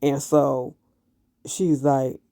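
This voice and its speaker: A man recapping a TV series episode in casual, animated commentary, blunt and full of profanity. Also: mid-range voice, extremely slow, no echo, clean studio sound. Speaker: TV show reviewer.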